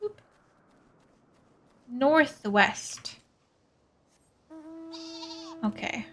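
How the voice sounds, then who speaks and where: A woman's voice: fairly high pitch, very slow, fairly bright tone, slight background noise. A young woman from Sweden, a streamer chatting casually and giggling as she plays a game. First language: Swedish. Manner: chatty and giggly, reads game text aloud. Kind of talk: casual gameplay chat.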